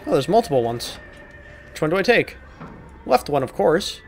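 Speaking at a moderate pace with a slightly high, very animated voice, a man hosts a horror game playthrough for his gaming videos. He addresses the characters with profane, jokey, mock-apologetic banter over faint background music.

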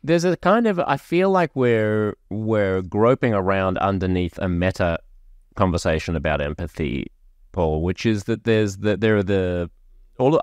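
A man with a very low, deep voice hosts a conversational podcast interview. He builds long, probing questions out loud as he thinks them through. The sound is dry and close, with no room around it. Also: dry recording. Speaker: podcast host.

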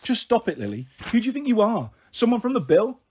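A man's voice: high voice, very animated, a little fast, husky, pitched above the performer's own voice, heavily acted. A man doing a brash, bantering mum. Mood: scolding. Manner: loud, sharp, bantering. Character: brash, careless young mother, teasing and scolding. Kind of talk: audiobook reading.

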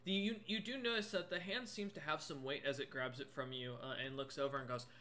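A man's voice: fairly high pitch, steady tone, fast, bright, forceful tone. A man narrating as game master of a tabletop game, loose and laughing, with plenty of fillers.

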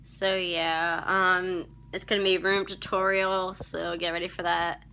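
A teenage girl chats into her phone camera in an unhurried, drawn-out way, filling her talk with ums, likes and giggles. Her voice is bright and a little tense. She gushes over friends in a casual shout-out vlog. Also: lowish voice, little pitch movement, slight background noise. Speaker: vlogger.

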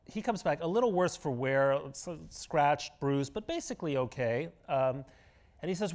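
A man's voice: on the high side, expressive, moderate pace, darkish tone. A middle-aged man, a guest columnist in an onstage interview, talking in an emphatic, argumentative way and telling stories with relish. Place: auditorium stage before an audience.

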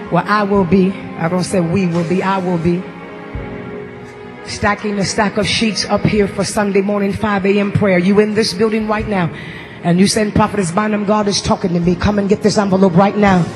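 A woman preaching a live sermon to a congregation in a church building, moving from low, steady talk to shouted, sing-song exhortation. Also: long reverb tail. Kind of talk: live sermon with donation appeals.

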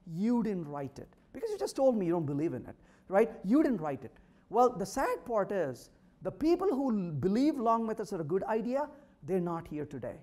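A man's voice: high-pitched, darkish tone. A man giving a humorous technical talk at a meetup, polling the audience and trading wry jokes with them. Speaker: conference speaker. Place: meetup room.

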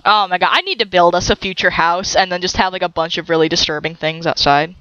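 A young woman giving casual, excitable let's-play commentary, swearing at the game and laughing often. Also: lowish voice, fast, no room sound, highs cut off.

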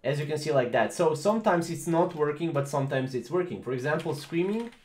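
A man's voice: a little high, lively intonation, fairly quick, a little mellow, reverberant. A man hosting a casual tech tutorial, rambling with many fillers and repeated phrases. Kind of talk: casual screen-recorded tutorial.

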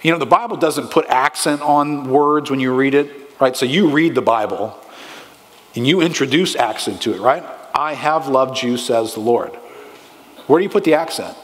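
This pastor's medium-pitched voice moves fairly quickly as he preaches in a church sanctuary. His delivery is emphatic and rising, peppered with questions to the congregation, and the room adds a long hall reverb.

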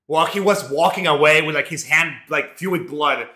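A male streamer telling a rambling, profane story in a casual, animated way, full of fillers. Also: a little high, a little fast, echoey room.

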